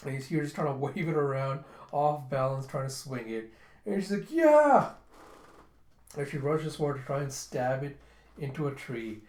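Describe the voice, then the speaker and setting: A man's voice: mid-range voice, fairly even intonation, brisk, darkish tone. A man chattily retelling a comic book as a casual reviewer. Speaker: manga reviewer. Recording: echoey room.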